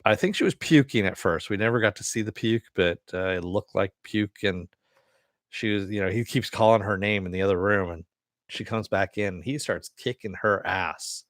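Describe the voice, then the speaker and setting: A man's voice: lowish voice, normal speed, no room sound, studio quality. A man casually retelling a TV episode in a rambling way, full of fillers. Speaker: TV show reviewer.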